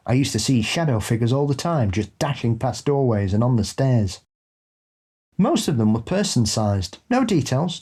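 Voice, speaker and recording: Husky-voiced male co-host reading ghost stories aloud, dry and unhurried. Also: fairly high pitch, darkish tone. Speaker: podcast co-host. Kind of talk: casual chat and reading listener stories.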